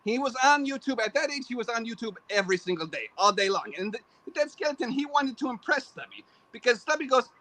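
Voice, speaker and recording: A man's voice: very high voice, lively intonation, fast talker, hardly any pauses, bright, forceful tone, rough recording. An older man, a show host, chatting as a podcast guest in a rambling, self-deprecating way. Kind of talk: casual podcast chat.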